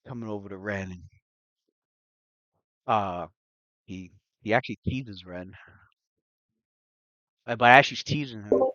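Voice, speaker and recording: A man's voice: on the low side, unhurried, pauses often, fairly bright tone, no echo. Rambling game master man, dull lo-fi sound. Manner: rambling, laughing, many fillers and restarts. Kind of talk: narrating a tabletop game.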